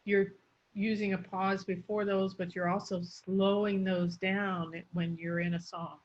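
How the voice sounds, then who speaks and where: A woman speech coach with a mid-range voice and little pitch movement teaches intonation at a measured pace, drawing out words to show stress. It's explanatory teaching captured on a muffled, lo-fi recording.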